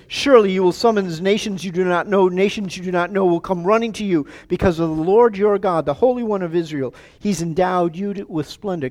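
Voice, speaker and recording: A man preaching a sermon as pastor, animated and calling out to his congregation, often repeating himself as he goes. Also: high voice. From United States. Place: church sanctuary.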